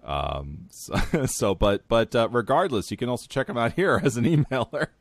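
A man's voice: medium pitch, lively intonation, moderate pace, no echo. A man hosting a podcast in casual chat, laughing often. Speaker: podcast host.

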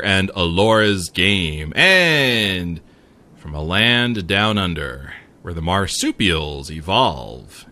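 Podcast host, male, New York accent, low voice, lively and bright, rambling jokey sponsor reads. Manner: joking, rambling, laughs often.

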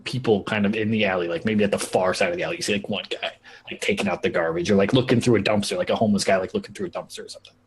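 A man's voice: lowish voice, fairly even intonation, racing, slight background noise. A man running a tabletop game as game master, rambling casually with lots of "like" and filler. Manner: rambling, heavy use of "like", laughing asides.

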